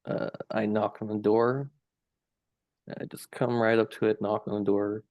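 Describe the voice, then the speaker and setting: A man playing a tabletop role-playing game, softly describing what his character does. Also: lowish voice, flat delivery, measured pace, no echo, lo-fi sound. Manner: soft-spoken, describing his character's actions. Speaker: player.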